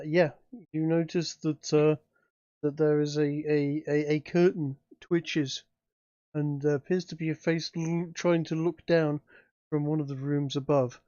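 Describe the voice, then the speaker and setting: A man narrating a tabletop game as game master, halting with many fillers. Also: on the high side, flat delivery, mellow, dry recording. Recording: dull lo-fi dry sound.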